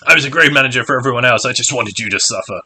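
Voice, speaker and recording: Chatty game master with a bright voice. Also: male voice, mid-range voice, racing. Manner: chatty, laughing, stumbling restarts. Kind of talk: hosting a charity tabletop game stream.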